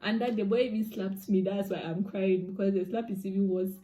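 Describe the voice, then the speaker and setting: A woman's voice: mid-range voice, a little fast, a little hiss or hum. Chatty Cameroonian woman telling a story. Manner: chatty, expressive storytelling with pidgin touches. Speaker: vlogger. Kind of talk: casual story time.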